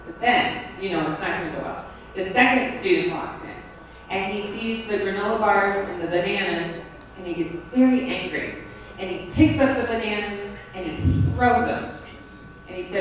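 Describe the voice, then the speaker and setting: A woman's voice: medium pitch, normal speed, recorded from a distance. A woman lectures in a school room, and her voice rings through a very echoey space from a mic set well away from her. She keeps a conversational classroom manner and often checks in with her listeners. A faint hum of room noise sits under her. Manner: conversational, checks in with "right?" and "okay?". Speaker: lecturer on teaching and the brain.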